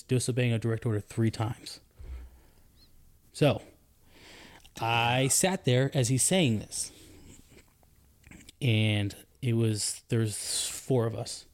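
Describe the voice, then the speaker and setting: A man, a soldier and podcast co-host, telling a story in casual chat, his voice climbing high when he gets indignant. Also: takes it slowly, pauses often. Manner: animated storytelling, rising pitch when indignant.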